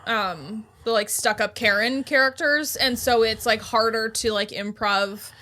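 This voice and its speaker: A woman's voice: fairly high pitch, measured pace, pushed and bright. A woman co-hosting a casual reaction chat, giving frank opinions. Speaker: co-host.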